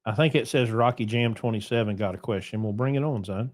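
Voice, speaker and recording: A man's voice: fairly low pitch, a little fast, no echo, clean studio sound. A man hosting a casual trucking podcast, talking loosely with plenty of ums and asides. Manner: loose, rambling, with many ums. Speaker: podcast host.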